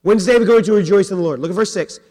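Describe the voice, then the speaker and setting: Man, middle-aged pastor, sermon, high voice, long church reverb, hushed storytelling building to emphatic preaching. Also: very fast. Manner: swings from quiet storytelling to rising, emphatic preaching; asks the congregation direct questions. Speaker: senior pastor. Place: church sanctuary.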